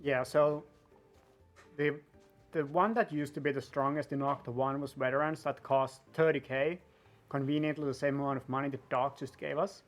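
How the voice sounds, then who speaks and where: A man's voice: medium pitch, fairly even intonation, moderate pace, soft background music. A man giving playful, joking speedrun commentary. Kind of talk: casual commentary.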